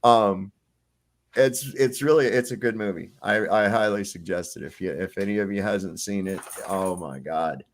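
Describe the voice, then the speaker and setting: A man's voice: lowish voice, moderate pace. Rambling, profane podcast man. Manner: rambling, profane, laughs often. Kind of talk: casual chat.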